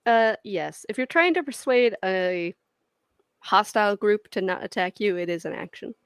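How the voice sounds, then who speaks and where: A woman's voice: medium pitch, moderate pace, clean tone, no room sound. A woman narrating and ruling as dungeon master in a casual tabletop game, explaining with loose fillers. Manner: relaxed explaining, many fillers.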